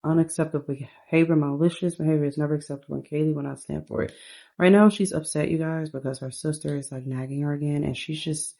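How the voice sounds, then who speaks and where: A woman's voice: deep voice, steady tone, quick pace, gravelly, dark tone. A woman casually narrating a life-sim game story, chatting to viewers with fillers along the way. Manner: chatty, addresses viewers as "you guys".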